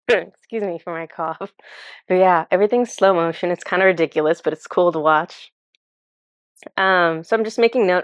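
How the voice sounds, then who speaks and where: A woman with a fairly low voice tells of a spiritual vision in an earnest, emotional way. She speaks casually and often stumbles and restarts her words. Her voice sounds close and dry, with no room echo. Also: unhurried. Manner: earnest, emotional storytelling with many fillers and restarts. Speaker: spiritual channeler. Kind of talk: recounting a channeled vision.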